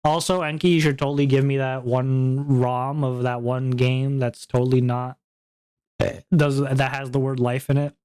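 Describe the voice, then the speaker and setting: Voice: mid-range voice, flat delivery, moderate pace, darkish tone, clear, resonant tone. A VTuber streamer in casual live-stream chat, joking around and reading viewers' messages aloud before answering them. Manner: playful, goofy, jokey banter.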